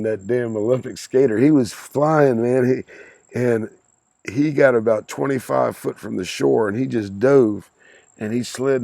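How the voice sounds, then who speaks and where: A man in his sixties telling lively stories from his youth in a casual chat, with salty language and chuckles. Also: mid-range voice, gravelly, no echo. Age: 60s. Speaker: podcast guest, host's father. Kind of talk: casual storytelling.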